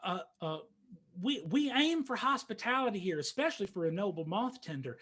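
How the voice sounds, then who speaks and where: A man's voice: high-pitched, very animated, a little fast, fairly bright tone, heavily acted. A man doing a humble old possum farmer with a drawl. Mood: hospitable. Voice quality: folksy drawl.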